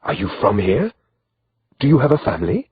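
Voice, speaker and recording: A man voicing a kind young noble maiden with a gentle, teasing manner, in a slightly dull lo-fi recording. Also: on the low side, huge pitch swings, fairly quick, husky, exaggerated voice.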